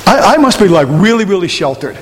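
A man's voice: high-pitched, sing-song, quick pace. A middle-aged man preaching a sermon in a casual, emphatic way, repeating himself to drive points home. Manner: emphatic, repetitive, conversational preaching. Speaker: pastor. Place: church sanctuary. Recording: reverberant church hall, faint noise.

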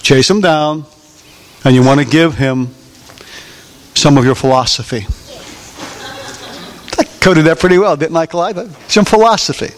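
Male preacher, high voice, animated sermon with call-and-response questions, recorded in a church hall with a long echo. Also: unhurried, long pauses. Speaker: pastor. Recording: long reverb of a large hall.

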